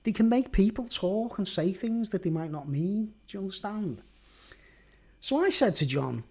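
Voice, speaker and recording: A man's voice: sits high, lively intonation, normal speed, darkish tone, husky. Emphatic Merseyside man rambling. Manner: emphatic, keeps asking "right?" and "do you understand?". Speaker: livestreamer. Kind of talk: casual rambling monologue. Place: at home.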